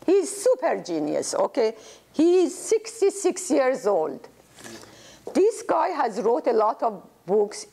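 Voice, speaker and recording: Animated older woman with a gravelly voice. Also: a little high. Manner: animated, emphatic, repeats words for stress. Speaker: lecturer. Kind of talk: informal lecture.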